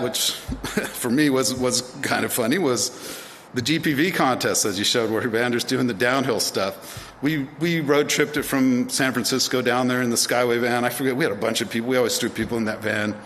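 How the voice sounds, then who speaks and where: A man's voice: mid-range voice, normal speed, fairly bright tone. A man in his fifties from the United States telling stories in a speech, rambling with many fillers and restarts. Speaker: speaker at induction ceremony. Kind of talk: storytelling speech. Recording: long reverb of a large hall, faint ambient noise.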